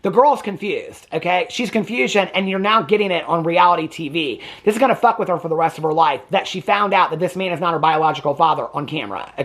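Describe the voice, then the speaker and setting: A man's voice: fairly high pitch, lively intonation, fast talker, hardly any pauses, fairly bright tone. Sassy, chatty man recapping reality TV. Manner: addresses viewers with repeated "okay?". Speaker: reality TV reaction host. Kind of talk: casual reaction commentary. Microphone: camera on a tripod.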